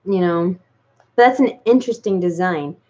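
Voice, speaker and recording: Chatting casually with her viewers, a woman who vlogs about doll collecting rambles with frequent "like"s and false starts. She has a fairly low, darkish voice at a moderate pace, and the recording is dull.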